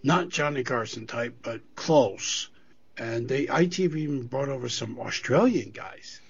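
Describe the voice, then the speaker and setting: A man's voice: medium pitch, measured pace, vocal fry, breathy edge. A middle-aged man from the US East Coast, co-hosting a podcast in casual chat; he rambles, restarts and swears. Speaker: podcast co-host. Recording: dull lo-fi audio.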